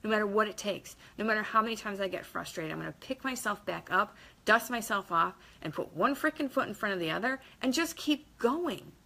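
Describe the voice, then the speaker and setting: A woman's voice: mid-range voice, expressive, fairly quick, creaky, hardly any pauses, pushed and bright. A woman giving a casual motivational talk to camera, emphatic and blunt, with mild swearing and quotes acted out in different voices. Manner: acts out quotes in varied voices. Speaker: motivational vlogger.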